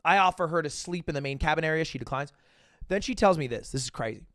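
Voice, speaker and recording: A young man livestreaming, casually telling a story to his chat, swinging between loud bursts and low asides and acting out the dialogue. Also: expressive, fast, dry recording, clean studio sound. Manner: acts out quoted dialogue.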